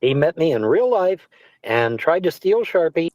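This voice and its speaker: A man's voice: a little high, very animated, normal speed, darkish tone, no room sound, poor audio. Rambling, stammering man telling stories. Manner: rambling storyteller, stammers and repeats words, swears. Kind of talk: casual chat.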